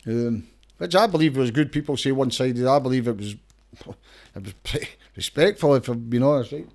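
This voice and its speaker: This is a middle-aged man with a broad Scottish accent, speaking at an ordinary mid pitch. He talks in a casual, emphatic way, pressing each point hard. He often restarts his sentences and repeats words as he goes. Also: a little mellow. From Scotland. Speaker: campaigner and lawyer, interview guest. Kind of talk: casual interview talk.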